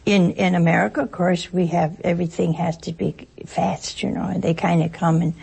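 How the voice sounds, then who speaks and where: A woman with a very husky, gravelly, lowish, slightly mellow voice tells folksy, joking anecdotes to an audience in an informal talk, acting out short exchanges in other voices. Her tone is level and her speed normal, and the audio is poor.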